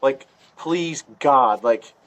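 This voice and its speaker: A man from Ohio telling a hunting story on a podcast in a loose, animated, laughing way, full of swearing and fillers. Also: mid-range voice, extremely slow. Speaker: podcast guest. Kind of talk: casual storytelling.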